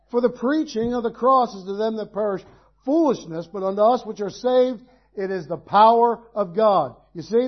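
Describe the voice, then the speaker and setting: High-voiced preacher, dull lo-fi sound. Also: male voice. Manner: conversational preaching with folksy asides and rhetorical questions. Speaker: pastor. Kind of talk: sermon.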